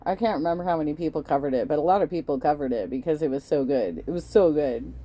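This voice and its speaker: A woman's voice: sits low, quick pace, warm tone. A woman hosting a casual reaction stream, talking in a loose, profane way and laughing often. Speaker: host reacting to videos.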